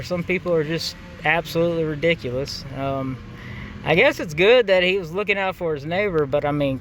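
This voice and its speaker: A man's voice: on the high side, brisk, background noise. A man telling a casual, profane anecdote in a laid-back way, full of fillers. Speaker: gaming channel host.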